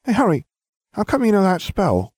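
A man's voice: high-pitched, huge pitch swings, normal speed, a little mellow, no echo, pitched above the performer's own voice, full character voice. A man voicing an eager, earnest young boy who is easily impressed.

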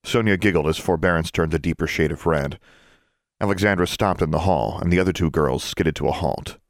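Deep-voiced male audiobook narrator. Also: fairly quick, gravelly, no echo, studio quality. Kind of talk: scripted narration.

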